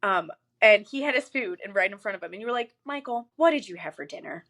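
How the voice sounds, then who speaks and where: A young adult woman appearing as a podcast guest, sharing funny memories in a lively, giggly way during a casual chat. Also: medium pitch, quick pace. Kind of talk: casual conversation.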